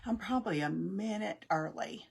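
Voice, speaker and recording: A woman's voice: medium pitch, animated, moderate pace, vocal fry, breathy edge. A woman hosting a craft livestream, chatting casually and greeting viewers by name. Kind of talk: casual live-stream chat.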